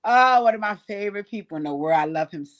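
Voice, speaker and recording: A woman's voice: mid-range voice, animated, fast, lo-fi sound. A middle-aged woman, hosting and telling stories to her audience in a loose, profane way, laughing often as she goes. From New York. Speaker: host. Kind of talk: casual storytelling to a live audience.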